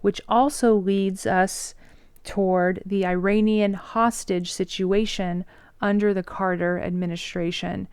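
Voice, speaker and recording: A woman explains history in a loose, conversational lecture, tossing in slang as she goes. Her voice is smooth and clear. The sound is close and dry, with no room echo. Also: mid-range voice, flat delivery, a little slow, a little mellow. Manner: chatty, breezy, slangy storytelling. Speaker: history teacher.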